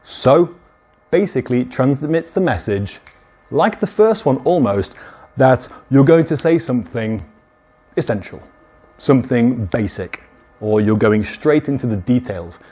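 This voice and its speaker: A man teaching an English lesson, explaining slowly and acting out short spoken examples with lively stress on key words. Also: medium pitch, slightly rough.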